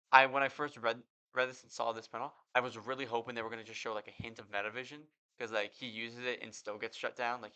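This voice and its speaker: A male podcast host talks through a manga chapter in a relaxed, offhand way, stopping to read each panel aloud before weighing in. His voice is bright and forward, with a clean, crisp tone. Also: mid-range voice. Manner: reads out translated panels, then comments. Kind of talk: casual manga reaction commentary.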